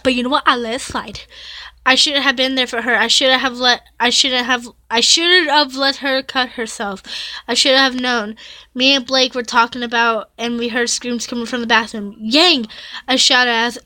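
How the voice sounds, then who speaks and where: A woman's voice: a little high, fairly even intonation, moderate pace, bright, forceful tone, dry recording. A woman YouTuber reading fan fiction aloud, stumbling over and correcting the words and breaking off to react with dramatic exclamations. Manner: stumbles and corrects herself often.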